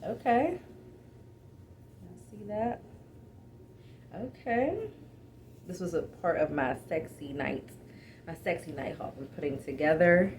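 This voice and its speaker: A woman with a somewhat low voice talks casually through an unboxing at home, lively and exasperated, turning to her viewers as y'all. A faint hiss of noise sits under her voice. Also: takes it slowly, pauses often. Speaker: haul vlogger.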